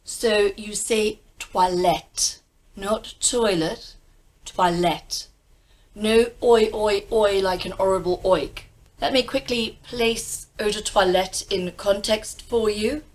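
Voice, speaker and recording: A woman with a received pronunciation English accent giving a pronunciation lesson, precise and deliberate, stressing single sounds. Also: medium pitch, steady tone, rough recording. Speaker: pronunciation teacher.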